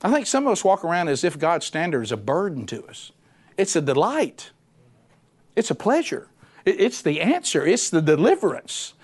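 A middle-aged man, a former radio host, preaching a sermon in an animated, conversational way with punchy repetition. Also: fairly high pitch, moderate pace, slightly rough.

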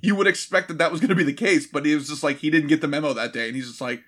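A man's voice: on the high side, expressive, fast, few pauses, a bit bright. A man in casual movie-review chat, sarcastic and profane, mockingly acting out characters. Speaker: podcast co-host.

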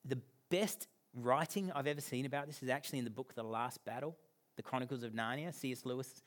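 A man, preaching a sermon as pastor, swinging from loud emphasis down to a near-whisper. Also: medium pitch, quick pace.

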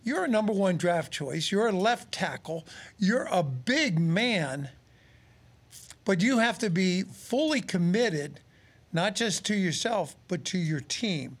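Slow and high-voiced, a man in his sixties, formerly a pro football player and now a radio analyst, talks sports casually. He's an animated storyteller, acting out quotes as he goes.

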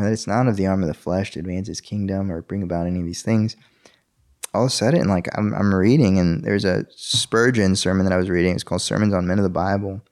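Earnest low-voiced young man. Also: darkish tone. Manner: earnest, many fillers and restarts. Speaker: interviewee. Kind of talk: personal faith testimony.

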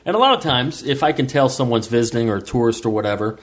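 Male podcast co-host, animated storyteller in casual chat. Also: medium pitch, quick pace.

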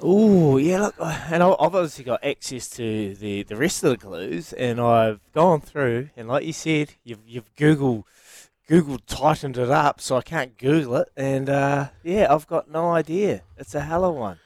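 Excitable New Zealand radio host man. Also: a little high, normal speed, no room sound, clean studio sound. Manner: excitable, exclaiming, restarts often. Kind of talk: casual morning radio chat.

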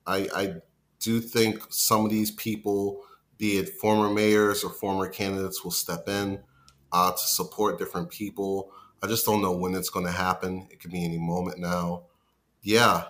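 A man's voice: sits low, fairly bright tone. A man on a news podcast, talking in a loose, slangy way and laughing easily. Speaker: reporter guest on a podcast. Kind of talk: casual news podcast discussion.

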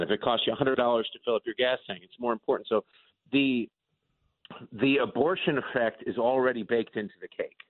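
A man's voice: medium pitch, no echo. A man speaking as a political commentator guest, sarcastic and mocking, on a phone line. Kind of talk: opinionated radio talk. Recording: tinny dry phone line.

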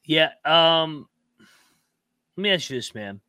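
Fired-up, bright-voiced male podcast host. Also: fairly high pitch, expressive, slow pace, clean tone, no room sound. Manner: fired-up, profane, emphatic ranting. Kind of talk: casual podcast chat.

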